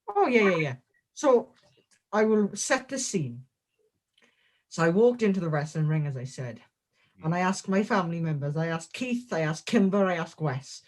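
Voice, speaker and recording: A man, a guest on a comedic in-character interview, rambling through absurd jokes in a deadpan way. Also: high-pitched, normal speed.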